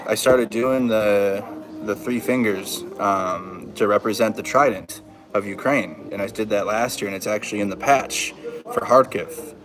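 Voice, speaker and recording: A man's voice: fairly low pitch, measured pace, music in the background, poor audio. A man, the host, chatting casually and hesitantly before passing the story on. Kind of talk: casual chat.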